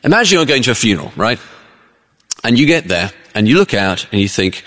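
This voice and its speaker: A man preaching a sermon in a chatty, animated way, telling stories to make his points. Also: fairly low pitch, fairly quick, long reverb tail. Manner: conversational, animated storytelling with acted-out voices.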